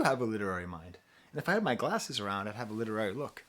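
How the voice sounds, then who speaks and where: A man's voice: on the low side, sing-song, rapid-fire, a bit bright. A man giving a casual, chatty music review, joking at his own expense and laughing often.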